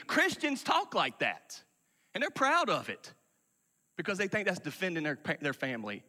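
A man preaching a sermon, emphatic, dropping from loud declarations to hushed asides. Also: high voice, wildly swooping pitch, normal speed, big-room sound. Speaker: pastor.

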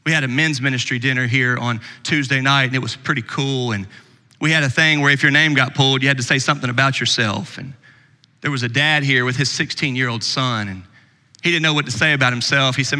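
Preacher guy, bright ringing voice, long echo of a church hall, goes loud then real quiet. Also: moderate pace. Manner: swings from loud emphasis to hushed low asides. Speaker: pastor. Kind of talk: sermon.

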